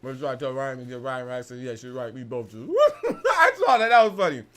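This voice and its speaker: A young man hosting a casual boxing podcast, talking in a heated, animated way and peppering his lines with "bro" and profanity. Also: medium pitch, fast talker. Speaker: podcast host.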